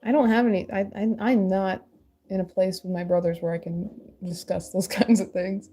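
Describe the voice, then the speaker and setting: A woman's voice: medium pitch, steady tone, normal speed, mellow, soft background music. A woman chatting casually while sculpting, rambling and laughing often, joking at her own expense. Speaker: crafter and mother.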